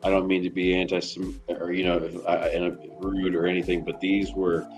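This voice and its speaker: Driving his delivery route, this middle-aged streamer from Tennessee talks casually and rambles through profane stories. He speaks in a low, flat voice at a moderate pace over a rough recording with faint music in the background.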